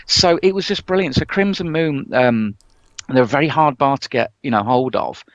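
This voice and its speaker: A man telling a story in a relaxed podcast chat. He talks enthusiastically and fills gaps with "um" and "you know". The recording is dry and a bit muffled and lo-fi. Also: mid-range voice, normal speed, no echo. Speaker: podcast co-host. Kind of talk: casual chat. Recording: dull, lo-fi podcast audio.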